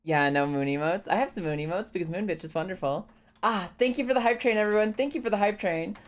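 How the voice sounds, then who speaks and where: A young woman streaming a game, chatting casually, excitable, swearing often and breaking into squealing laughs. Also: mid-range voice, fast. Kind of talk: casual live-stream chat while playing a game.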